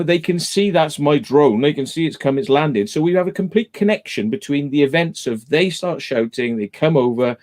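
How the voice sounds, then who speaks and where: A man's voice: mid-range voice, darkish tone. A man hosting a live stream in casual chat, retelling a dispute emphatically and going back over the same points.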